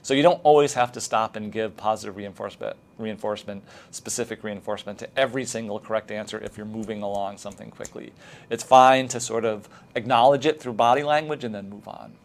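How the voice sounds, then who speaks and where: Man giving a relaxed training lecture. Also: lowish voice, fast. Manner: relaxed, explanatory, with frequent fillers and acted teacher lines. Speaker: teacher trainer.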